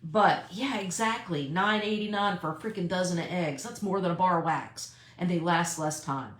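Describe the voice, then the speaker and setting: A woman's voice: lowish voice, moderate pace, fairly bright tone, reverberant. A woman talking casually and emphatically to her sales team in a live video from her car, repeating her key points. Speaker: direct sales team leader.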